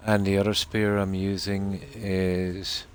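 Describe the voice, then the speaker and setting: Male game streamer at home, low voice, slow and soft-spoken, casual chat. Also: clear, resonant tone. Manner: soft-spoken, talks quietly so sleeping dogs stay asleep; relaxed and unhurried, with fillers. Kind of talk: casual gameplay commentary. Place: home room.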